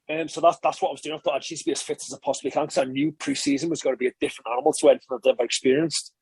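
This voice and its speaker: A man, a former rugby player, recalls his career in a relaxed interview, rambling and correcting himself as he goes. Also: fairly high pitch, rapid-fire, husky. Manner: chatty, rambling recollection, frequent filler and self-correction. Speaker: former professional rugby player, podcast guest.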